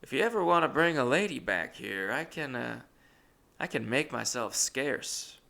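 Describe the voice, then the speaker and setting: A man's voice: mid-range voice, lively intonation, moderate pace, vocal fry, bright, forceful tone. A man voicing an eighty-one-year-old, hard-of-hearing roommate who is spry and chatty and hands out blunt, offhand advice.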